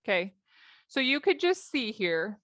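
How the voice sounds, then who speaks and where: A woman life coach telling a personal story to her audience in a lively, conversational way, acting out her own thoughts. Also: a little high, a little slow, no echo, studio quality. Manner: animated, acts out her own thoughts in quotes.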